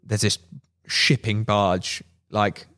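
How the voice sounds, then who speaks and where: A man telling a fishing story as a podcast guest, animated, laughing and acting out what people said. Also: on the low side, slow pace. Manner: animated, laughing, acts out quotes. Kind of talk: casual storytelling.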